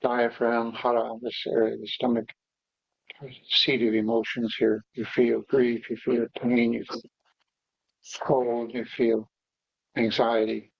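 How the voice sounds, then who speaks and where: A man teaching meditation, guiding breathing exercises slowly and haltingly, with pauses and fillers. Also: medium pitch, monotone, vocal fry, no room sound. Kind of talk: guided breathing instruction. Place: meditation hall. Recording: dull, dry lo-fi recording.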